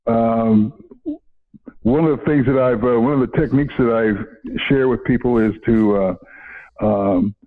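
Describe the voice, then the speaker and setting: A man's voice: medium pitch, measured pace. An older man, a retired educator telling stories in an interview, repeating himself and chuckling. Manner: rambling, repeats words, chuckles often. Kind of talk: casual interview storytelling. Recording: phone-like narrow audio.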